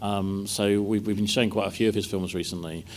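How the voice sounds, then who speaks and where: A man's voice: fairly low pitch, steady tone, a little fast, a little hiss or hum. A man interviewing a guest about a film, chatty and fond of tag questions. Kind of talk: casual conversation.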